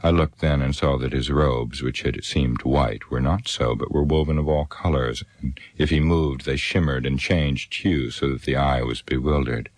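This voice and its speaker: A man reading a story aloud in the first person, grave and steady. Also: very deep voice, normal speed, hardly any pauses, dry recording. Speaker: audiobook reader.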